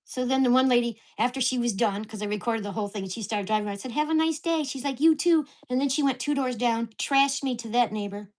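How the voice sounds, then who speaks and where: A woman with a fairly high voice vents to the camera in a casual home vlog. She is blunt and heated, and she swears freely as she tells a long grievance story about her neighbors. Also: fast, few pauses. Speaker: vlogger.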